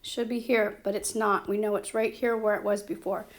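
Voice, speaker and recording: A woman with a medium-pitched, fairly flat voice teaches a Spanish grammar lesson. She goes slowly and patiently, checking in with her students through "okay?" and "right?"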